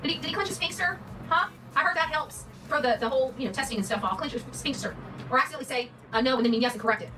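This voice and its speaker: A woman livestreamer in a rambling monologue, repeating and stumbling over words, with a put-on country drawl and a pitch that swings up and down. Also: lively intonation, racing, distant mic, noisy background. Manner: repetitive, stammering, pitch swings up and down.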